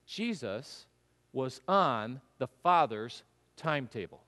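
Male pastor, high and very animated delivery, sermon in a reverberant church hall. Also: moderate pace. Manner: animated storytelling, acts out voices.

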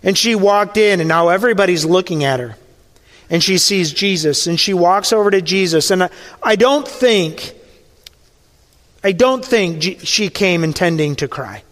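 A man preaching a sermon, retelling a scene as a story and dropping to a hushed voice at the emotional moments. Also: high-pitched, normal speed, big-room sound.

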